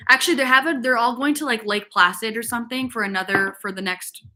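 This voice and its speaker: A woman's voice: on the high side, fast, bright, forceful tone, slight background noise. A young woman from upstate New York, hosting a casual fitness livestream and telling a rambling, gossipy story packed with "like" fillers, and answering chat comments.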